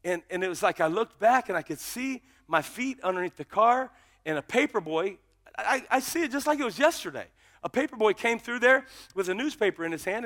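High, bright-voiced man preaching. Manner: storytelling, builds to shouted preaching. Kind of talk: testimony sermon.

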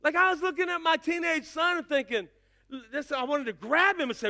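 A man's voice: very high voice, a little fast. A pastor in his fifties preaching a sermon, telling stories with asides to the congregation. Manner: animated storytelling with asides to the congregation.

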